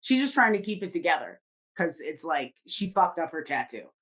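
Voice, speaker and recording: Woman, podcast co-host, lowish voice, rambling casual storyteller who swears a lot. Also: very animated, normal speed, a bit bright. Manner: rambling, filler-heavy, swears freely.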